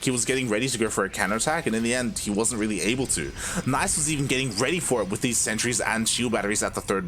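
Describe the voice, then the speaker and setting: A young man from Australia with a mixed Australian and Spanish-influenced accent, casting a game live on his own, excitable and quick to exclaim. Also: lowish voice, a little hiss or hum. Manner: excitable, exclaims often and laughs at chat. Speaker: esports caster. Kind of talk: solo live game commentary.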